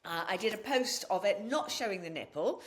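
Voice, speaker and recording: A woman guest on a podcast interview, telling her own story in a candid, blunt and animated way, swearing freely. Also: mid-range voice, fairly quick. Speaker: podcast guest and wellness practitioner.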